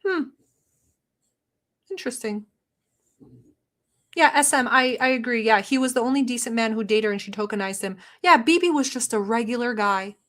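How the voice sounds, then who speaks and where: A woman from the Middle East with a fairly high voice, commenting on clips in her non-native English. She is blunt and sarcastic and swears freely. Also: moderate pace, pauses often, fairly bright tone. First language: not English. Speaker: commentary vlogger. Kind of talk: reaction commentary.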